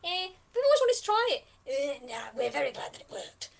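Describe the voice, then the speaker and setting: A woman's voice: a little high, quick pace, vocal fry, husky, full character voice. Woman voicing cheeky bandit henchmen. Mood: pleased. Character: cheeky male bandit henchmen, pleased with themselves.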